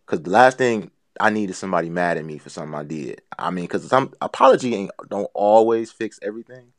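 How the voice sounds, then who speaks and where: A man's voice: sits low, expressive, fast talker, no echo, studio quality. A man co-hosting a casual podcast chat, talking earnestly and rambling with lots of filler phrases. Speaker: podcast co-host.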